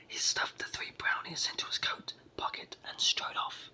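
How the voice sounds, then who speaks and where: A storyteller with a sore throat and cold reading a children's story aloud in a soft, measured whispered role-play. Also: rough recording.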